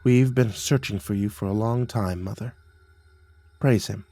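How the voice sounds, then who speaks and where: A man's voice: fairly low pitch, a little slow, dark tone. Man doing a reverent bearded cultist. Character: rough bearded male desert cultist leader, reverent.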